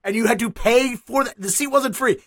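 A man's voice: very high voice, normal speed, fairly bright tone. A man from Baltimore hosting a podcast, asking chatty, meandering questions. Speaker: podcast host. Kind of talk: casual podcast interview.

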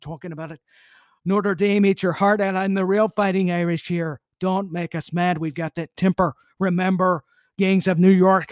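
A man's voice: sits high, steady tone, normal speed, darkish tone, no echo, clean studio sound. A man hosting a podcast, reading history aloud and breaking off for playful jokey asides. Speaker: podcast host.

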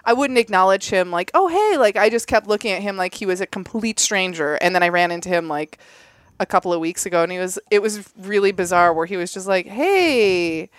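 A woman chatting casually on a podcast, telling an animated story, acting out the voices of the people in it and laughing and swearing often. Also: lowish voice, fast talker, clean tone, dry recording.

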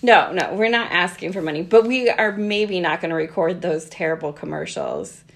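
A woman in her twenties co-hosting a podcast, chatting casually and telling animated stories with frequent laughter. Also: lowish voice, moderate pace, gravelly. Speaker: podcast co-host.

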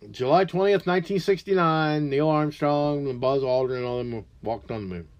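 A man in his forties hosting a podcast, ranting alone in an angry, profane way that swings between loud outbursts and low mutters. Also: muffled recording. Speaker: podcast host. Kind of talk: ranting solo monologue.

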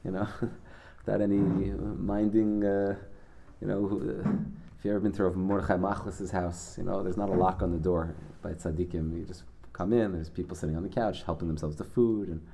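Low, dark-voiced man teaching Torah. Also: flat delivery, gravelly. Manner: conversational, halting restarts, peppered with Yiddish and Hebrew terms. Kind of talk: Torah class with Hasidic storytelling.

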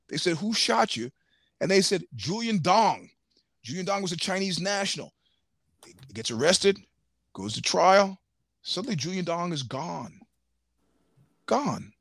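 A man as a podcast guest, telling stories in casual chat, animated, laughing often and swearing freely. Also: high-pitched, unhurried, pauses often, husky, no room sound, clean studio sound.

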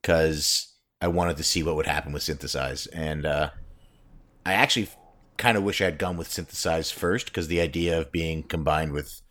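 A young man chatting casually about games, telling stories in a rambling, animated way with fillers and laughter. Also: a bass voice, normal speed. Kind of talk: casual chat.

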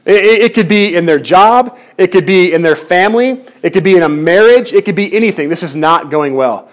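A man preaching a sermon in church, animated and jokey, often restarting his words. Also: high-pitched, brisk. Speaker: pastor.

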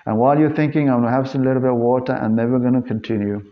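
A man's voice: medium pitch, fairly even intonation, racing. A man with a mid-range voice hosts a solo fitness podcast, chatting casually and earnestly to his listeners. His delivery rambles, with frequent restarts and fillers. The recording sounds slightly dull and lo-fi. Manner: earnest, addresses listeners as guys. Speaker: fitness trainer and podcast host.

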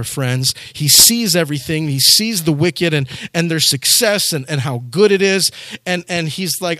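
A man's voice: a little high, sharp tone, no room sound, clean studio sound. A man preaching a sermon, reading scripture aloud and then urging his listeners with rising intensity. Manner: earnest, rising to urgent exhortation.

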